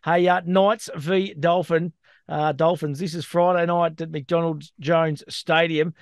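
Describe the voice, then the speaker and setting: A man's voice: fairly high pitch, little pitch movement, unhurried, dry recording, studio quality. An Australian man co-hosting a sports betting podcast, reading out odds and stats in a chatty, matey way. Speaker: co-host.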